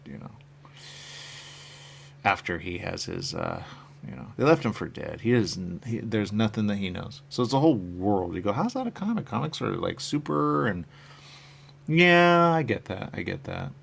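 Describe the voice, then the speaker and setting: A man hosting a live stream, chatting in a rambling, casual way about his comic covers and answering viewer comments, often trailing off quietly at the ends of his phrases. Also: lowish voice, expressive, measured pace, vocal fry, slight background noise.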